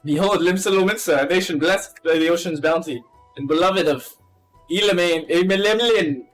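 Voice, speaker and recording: A man's voice: on the high side, normal speed, soft background music, lightly acted, rough recording. A man reading aloud a wordy, boastful game character in a put-on Scottish accent, stumbling over long words. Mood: theatrical. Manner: flowery old-fashioned speech, stumbling over words.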